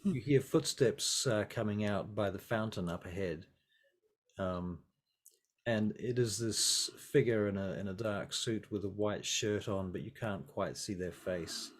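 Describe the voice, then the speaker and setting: Low-voiced man narrating as game master. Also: unhurried.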